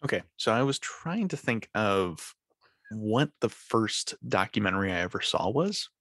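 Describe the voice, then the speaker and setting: A man's voice: fairly low pitch, big pitch swings, a little slow, a bit bright, no echo. A man co-hosting a podcast, chatting casually, rambling and laughing often. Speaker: podcast co-host.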